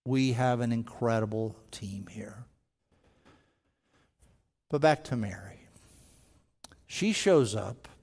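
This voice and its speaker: A man's voice: medium pitch, vocal fry, darkish tone. A man preaching a sermon as senior pastor, talking conversationally with frequent stammered restarts and building into intense rhetorical questions. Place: large church sanctuary. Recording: long hall reverb from a large sanctuary.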